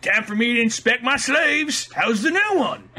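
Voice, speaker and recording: A man's voice: very high-pitched, lively intonation, bright, forceful tone, breathy edge, pitched above the performer's own voice, heavily acted. A man putting on a haughty slave-driving Santa. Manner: haughty, slow and mocking. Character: pompous male Santa, a slave-driving boss. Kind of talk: comedic riffing impression.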